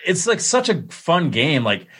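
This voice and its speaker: A man in a casual conversation, relaxed and enthusiastic as he recalls films he loves. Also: fairly high pitch, a little slow, a little hiss or hum. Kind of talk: casual chat.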